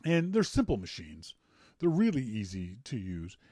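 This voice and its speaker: A man hosting a tech podcast in casual chat, animated and rambling, with jokes and repeated words. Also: lowish voice, moderate pace, no echo, clean studio sound. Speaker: podcast host.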